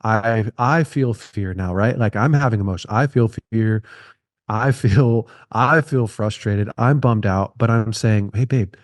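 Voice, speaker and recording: A man's voice: lowish voice, a little slow, dry recording. Earnest man talking, dry close sound. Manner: earnest, repeats phrases for emphasis. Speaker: podcast guest. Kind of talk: conversational podcast interview.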